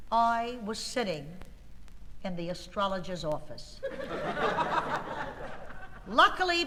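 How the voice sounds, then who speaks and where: A woman performs a comic monologue, her high voice leaping up and down as she pours out an exasperated story. The sound is roomy, with a long reverb. There is clear noise underneath.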